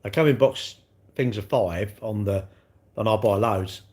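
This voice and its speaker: A man's voice: lowish voice, unhurried, darkish tone. Older man teasing his chat. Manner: blunt, teasing banter with chat. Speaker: livestreamer. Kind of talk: casual live-stream chat.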